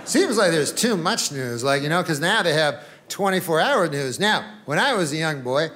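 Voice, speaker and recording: High-voiced guy doing stand-up, rambly and sweary, noisy room. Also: lively intonation, moderate pace, sharp tone. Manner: rambling, offhand, profane, with chuckles. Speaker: stand-up comedian. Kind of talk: stand-up comedy routine.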